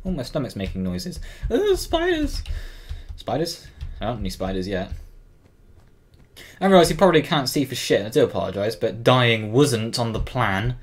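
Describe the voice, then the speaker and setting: A man's voice: mid-range voice, animated, a little fast, breathy edge. A teenage boy from Cornwall giving casual, flustered gameplay commentary, swearing often and yelping when scared. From Cornwall, England. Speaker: gaming channel host.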